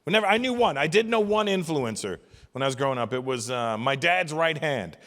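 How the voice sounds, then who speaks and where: A man in his fifties doing stand-up comedy, ranting and exasperated with salty language. His voice sits a little high for a man, and a long hall reverb trails after each line from the stage mic. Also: expressive, fairly quick, fairly bright tone. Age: 50s. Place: large live venue.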